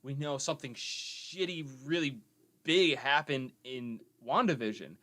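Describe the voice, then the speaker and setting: A young man co-hosting a casual nerd chat podcast, excitable, cursing and jumping in loudly. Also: medium pitch, unhurried. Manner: excitable, swears, jumps in loudly. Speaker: podcast co-host.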